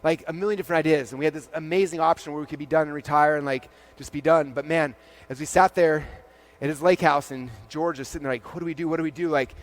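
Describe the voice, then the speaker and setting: A man in his forties speaks from a conference stage mic, rattling through a story at a rapid clip. His voice sits a little higher than most men's. He acts out each exchange as quick quoted dialogue and leans on "like" constantly. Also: steady tone. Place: large event stage before a live audience.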